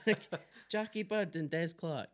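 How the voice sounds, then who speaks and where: A man's voice: fairly high pitch, a little slow. Laughing Scottish man chatting as a podcast guest. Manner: laughs often, animated storytelling. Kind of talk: casual chat.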